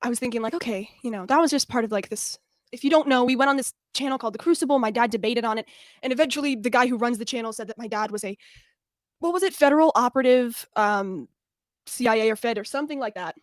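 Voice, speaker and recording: A woman's voice: fairly high pitch, fast talker, no room sound. Young female streamer, winded, brash, self-deprecating, dry sound. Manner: blunt, self-deprecating, laughing. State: out of breath. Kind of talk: casual chat.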